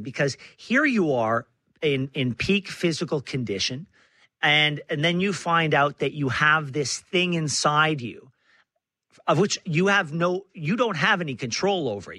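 A man's voice: fairly high pitch, lively intonation, a little slow, pushed and bright, dry recording. A man hosting a radio interview, asking probing, searching questions and introducing segments. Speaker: radio show host.

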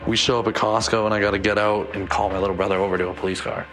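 Young man, interview; bright, flat delivery, emotional retelling. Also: fairly low pitch, racing, faint music behind, poor audio. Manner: emotional retelling with quoted dialogue. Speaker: victim's son interviewed. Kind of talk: documentary interview.

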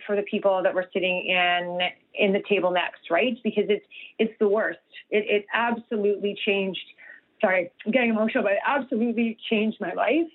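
A woman, a nutritionist guest speaking earnestly in a radio interview, with many restarts and fillers. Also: medium pitch. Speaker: guest nutritionist and health coach. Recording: tinny phone line.

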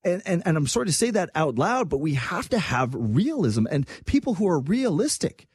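A man from Quebec giving casual political commentary on his own program, animated and sarcastic. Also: on the high side, slightly rough, no echo, clean studio sound. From Quebec, Canada. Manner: animated, sarcastic, quick asides.

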